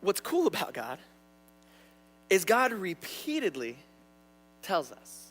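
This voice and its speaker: A young man preaching a sermon in a church, animated and stuttering, often repeating words. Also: sits high, slow, pauses often, slightly rough. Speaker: pastor. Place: church sanctuary.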